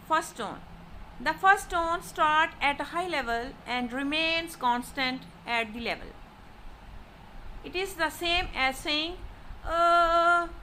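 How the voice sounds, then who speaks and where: A woman teaching a language lesson, giving careful instructions and repeating drawn-out model syllables for the learner. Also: high voice, pushed and bright, slight background noise, rough recording. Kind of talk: slow recorded lesson.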